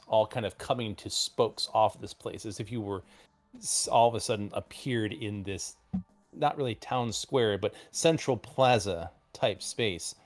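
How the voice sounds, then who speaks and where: A man narrating a tabletop role-playing game as game master, describing scenes in a halting, rambling way with many fillers. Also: lowish voice.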